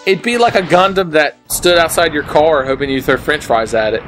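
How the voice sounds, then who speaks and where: A young man slurring a little while drinking, giving rambling, profane commentary on a game as he plays it, swinging between low mutters and sudden yells. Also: fairly quick, soft background music. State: slightly drunk, slurring. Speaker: gaming video maker. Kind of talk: drunken let's play commentary. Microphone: headset.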